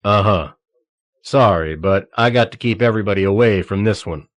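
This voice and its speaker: A man voicing a huge, gruff male security guard who talks loudly and confrontationally in an audiobook. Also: fairly low pitch, moderate pace, lightly acted. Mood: stubborn. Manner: loud and confrontational.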